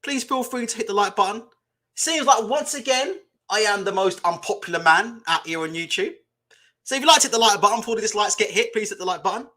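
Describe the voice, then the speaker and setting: A young man riffs on a live boxing chat, blunt and foul-mouthed, breaking into laughter. His voice sits high and bright, and his pitch swings widely as he talks. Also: expressive, fast talker. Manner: blunt, swearing, laughs a lot while ranting. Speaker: boxing channel host. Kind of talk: casual live-stream chat.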